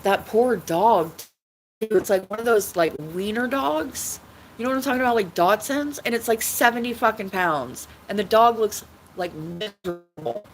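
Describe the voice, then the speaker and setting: A woman's voice: mid-range voice, moderate pace, slight background noise, rough recording. A woman talking casually on her own livestream, rambling with many restarts and frequent swearing. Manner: rambling, repetitive, swearing often. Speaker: livestream host.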